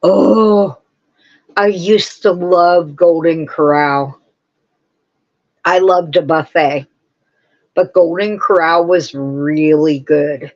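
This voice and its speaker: A woman's voice: fairly low pitch, fairly even intonation, takes it slowly, pauses often, a little mellow, dull audio. A woman hosting a live crafting stream, rambling casually and answering her viewers' comments as she goes.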